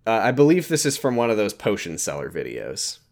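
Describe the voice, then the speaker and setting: A man's voice: fairly low pitch, wildly swooping pitch, brisk. A man casually wrapping up a podcast episode, loose and joking, with fillers and the odd swear. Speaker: podcast host.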